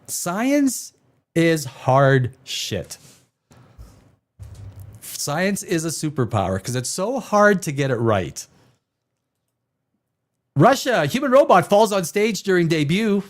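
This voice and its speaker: A man's voice: sits high, very animated, unhurried. A man hosting a live science and news show, reading items aloud and rambling off into jokes. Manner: jokey, rambling, laughs at his own jokes. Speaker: host. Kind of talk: casual live show commentary.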